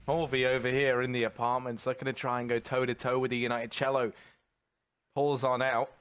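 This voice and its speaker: A man's voice: mid-range voice, flat delivery, brisk, a bit bright, clear, resonant tone. Man casting esports with theatrical jokes. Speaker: esports caster. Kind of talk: color commentary.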